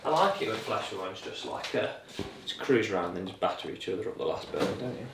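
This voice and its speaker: A man's voice: fairly low pitch, expressive, fairly quick, background noise. A man, a pro cyclist vlogging in a casual, joking, rambling way. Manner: chatty, joking, rambling with fillers. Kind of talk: casual chat.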